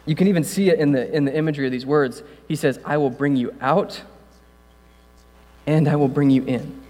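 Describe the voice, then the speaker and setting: Male pastor, casual sermon, slightly high voice, long hall reverb, mains hum. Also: steady tone, fairly quick. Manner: conversational, jokey asides, builds to loud passionate preaching. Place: church room.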